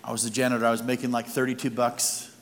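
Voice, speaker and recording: A man's voice: medium pitch, monotone, fast talker, a little hiss or hum. A man preaching as a guest speaker, telling humorous personal stories in a conversational way in church. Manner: humorous, anecdotal, conversational delivery. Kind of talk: storytelling sermon. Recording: long hall reverb with music behind.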